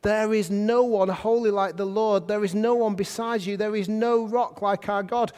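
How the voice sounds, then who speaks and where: A man preaching a sermon to a congregation in a lively, conversational way, often putting questions to them. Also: sits high, moderate pace, smooth. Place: church hall. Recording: hall reverb.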